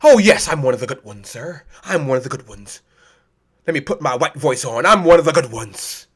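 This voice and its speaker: A man's voice: mid-range voice, animated, brisk, slightly rough, pitched below the performer's own voice. A man voicing a fawning man who puts on a proper, ingratiating voice. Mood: smug fawning. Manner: ingratiating, self-satisfied. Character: fawning man putting on a polite voice.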